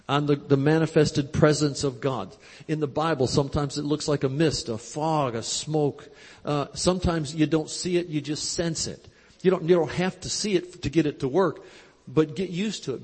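A man preaching at a live convention, telling a story with quoted dialogue in a folksy, animated way, on a handheld mic. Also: fairly high pitch, breathy edge. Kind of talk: storytelling sermon. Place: large church convention hall. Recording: live hall recording with long reverb.

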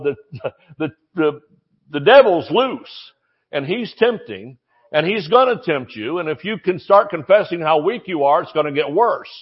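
A high-pitched man preaches a sermon. He talks in a folksy, joking way and leans hard on key lines. The recording sounds dull and lo-fi. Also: breathy edge.

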